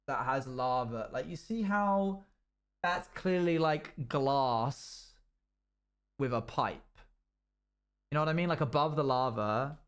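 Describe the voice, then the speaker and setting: A man streams live, casually telling his chat long, wandering stories and performing people's lines in a raised voice. His mid-range voice moves slowly, with frequent pauses.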